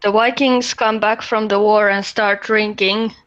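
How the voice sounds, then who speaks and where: A woman's voice: mid-range voice, little pitch movement, unhurried, a bit bright. A woman telling jokes in a matter-of-fact way in casual chat. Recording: dull lo-fi mic.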